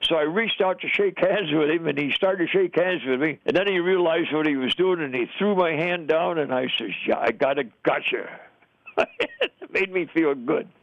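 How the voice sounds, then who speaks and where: An older American man recounts his own stories in a folksy, plainspoken way, chuckling now and then. His voice sits fairly high for a man. The recording is dull and lo-fi, and dry. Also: moderate pace, gravelly, no room sound. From United States. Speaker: veteran interviewee. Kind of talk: oral history storytelling.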